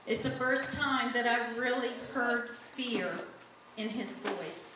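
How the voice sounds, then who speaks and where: A middle-aged woman talks slowly and earnestly, giving her testimony to a congregation. Her voice sits a little high and carries from a distance. The sound is very echoey, a sanctuary heard from across the room, with a faint hum behind it. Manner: slow, earnest, speaks straight to the congregation. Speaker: church member giving testimony. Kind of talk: church testimony. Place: church sanctuary.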